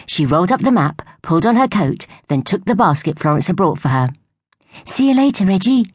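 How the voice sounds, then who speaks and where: A woman narrating a storybook for young children in a gentle, even way. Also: low voice, brisk, husky, dry recording, clean studio sound. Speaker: audiobook narrator.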